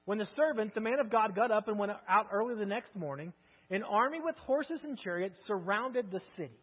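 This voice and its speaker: A man's voice: high-pitched, lively intonation, brisk, slightly rough. A male preacher giving a sermon, telling the story in a conversational way with many rhetorical questions. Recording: echoey hall, dull lo-fi sound, mains hum.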